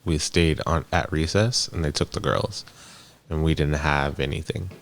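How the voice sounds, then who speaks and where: A man co-hosting a podcast, chatting casually with relaxed short remarks. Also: extremely low pitch, normal speed. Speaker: podcast co-host. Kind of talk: casual chat.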